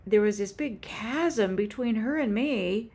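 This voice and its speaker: A woman in her seventies telling a heartfelt personal faith story on her own channel, halting and earnest with frequent restarts. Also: a little high, a little mellow. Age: 70s. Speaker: author and YouTuber. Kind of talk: personal faith testimony vlog.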